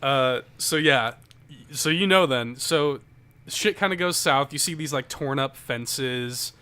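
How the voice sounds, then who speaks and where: Casual podcast co-host, man, bright tone, loose rambling delivery with swearing. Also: medium pitch, slow pace, clean tone. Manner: rambling, profane storytelling with lots of fillers. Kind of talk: casual chat.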